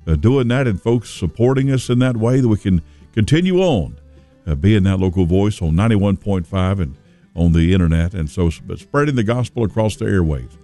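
A man's voice: on the low side, mellow. A man hosting a local Christian radio show, chatting in a folksy, rambling way. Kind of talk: casual local radio talk. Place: radio studio.

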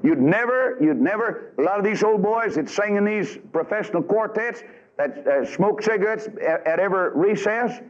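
A man's voice: high-pitched, moderate pace. Man, fiery revival preacher, folksy and scolding, dull lo-fi recording. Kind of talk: revival sermon.

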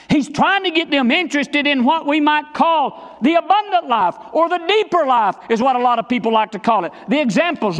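A high-pitched male pastor delivers a sermon with emphatic, repeated phrases and pointed questions to the congregation. His voice rings out in a large church sanctuary, trailing a long reverb. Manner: emphatic, repetitive preaching with direct questions.

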